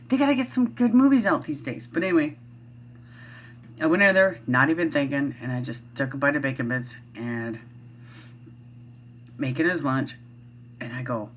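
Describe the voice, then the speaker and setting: Very low-voiced rambling woman. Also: a little hiss or hum. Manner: rambling, many fillers and restarts. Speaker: parent vlogger. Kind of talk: casual chat to camera.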